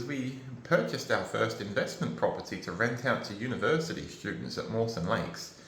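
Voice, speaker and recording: A man's voice: mid-range voice, fairly bright tone, a little hiss or hum. An Australian man vlogging from home, rambling in a frustrated, emotional way and swearing now and then. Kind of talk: rambling personal vlog. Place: at home, indoors. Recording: roomy echo, faint ambience.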